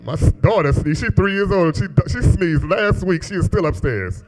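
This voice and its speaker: A man in his thirties with a deep voice, doing a profane, animated stand-up comedy set on a club stage into a handheld mic. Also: unhurried, pauses often, poor audio. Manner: profane, animated storytelling with exaggerated quoted voices.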